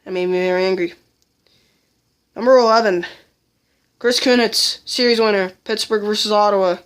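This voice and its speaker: A woman's voice: mid-range voice, fairly even intonation, moderate pace, clear, resonant tone. A woman giving casual countdown commentary as a fan vlogger, blunt and opinionated, often restarting her sentences.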